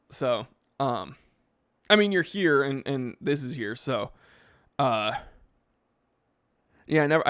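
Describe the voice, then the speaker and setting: A man hosting a live reaction stream about watches. He talks in a fairly high voice, full of sarcasm and fillers, and keeps breaking into mock-angry rants aimed at his chat. The sound is dry and close, with no room around it. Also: fairly bright tone, smooth, dry recording. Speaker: watch YouTuber host.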